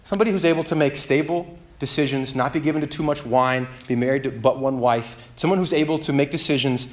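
A man preaching a sermon as pastor, animated and conversational, with playful asides and calls for the congregation to respond. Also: medium pitch, quick pace.

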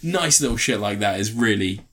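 A man's voice: on the low side, animated, moderate pace, fairly bright tone. Sweary, rambling man chatting films. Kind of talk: casual film chat.

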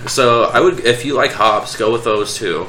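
A young man co-hosting a casual podcast chat, animated and quick to laugh, trailing off and restarting as he thinks. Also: mid-range voice, slight background noise, rough recording. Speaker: podcast co-host.

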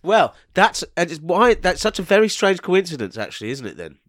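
Playful higher-voiced podcast man. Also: a little fast, dry recording, studio quality. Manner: teasing, silly, deadpan announcing. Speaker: podcast co-host. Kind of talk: casual comedic podcast banter.

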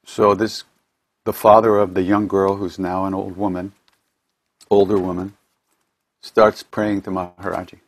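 A man's voice: low voice, level tone, a little slow, long pauses. A man hosting an online gathering from his home, telling spiritual stories in a rambling, casual way and restarting his sentences often. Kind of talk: casual storytelling talk. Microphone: home computer mic for an online event.

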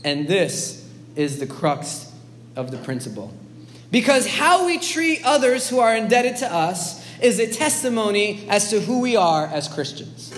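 A man with a high voice preaches a sermon in an earnest, emphatic way, now and then restarting his words. His voice rings out with a long hall reverb, over faint background noise. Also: big pitch swings, unhurried.

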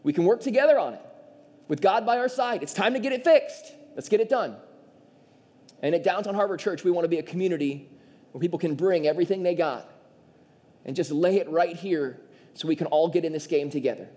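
A man with a notably high-pitched voice delivers a sermon, switching between lively storytelling and earnest prayer. His voice rings out with a long hall reverb. He sounds like a pastor addressing his congregation. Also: brisk, long pauses. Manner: animated storytelling, prays aloud. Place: church sanctuary.

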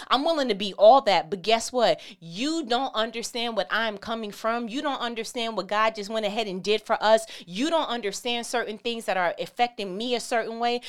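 A woman giving lively, sassy commentary on a Bible story in a casual vlog. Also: a little high, clear, resonant tone. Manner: animated, sassy, exclaiming and laughing. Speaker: vlogger teaching from the Bible.

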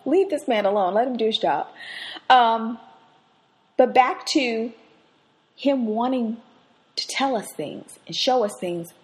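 A woman hosting a faith podcast, who moves between quiet reflection and lively personal stories as she teaches. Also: fairly high pitch, slow, long pauses. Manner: expressive, swings from hushed reflection to lively anecdote. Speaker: podcast host and Bible teacher. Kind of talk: devotional teaching with personal storytelling.

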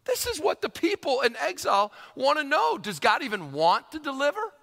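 Male preacher, high bright voice with big swings in pitch, emphatic delivery, long hall reverb. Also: moderate pace, gravelly. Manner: emphatic, animated, repeats phrases for effect. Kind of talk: sermon.

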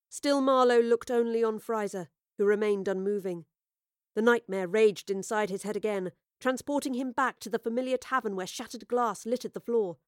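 Woman narrating a dark tale, dry sound. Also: fairly high pitch, smooth, no room sound. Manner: measured, dramatic storytelling. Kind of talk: scripted audio drama narration.

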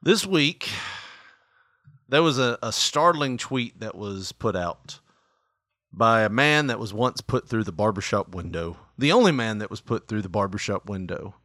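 A man's voice: fairly low pitch, unhurried, dry recording, clean studio sound. A man hosting a casual podcast chat, telling stories with lots of laughter. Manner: laughs often, animated storytelling. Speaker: podcast host.

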